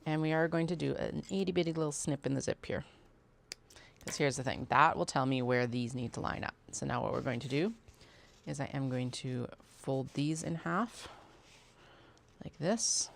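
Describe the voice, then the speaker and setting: A woman with a low voice chats her way through a sewing session, narrating each step to herself and her viewers. Her tone is a touch gravelly, loose and casual, with offhand muttering and the occasional swear. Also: moderate pace, a little hiss or hum. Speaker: sewing livestream host. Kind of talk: casual chat while sewing.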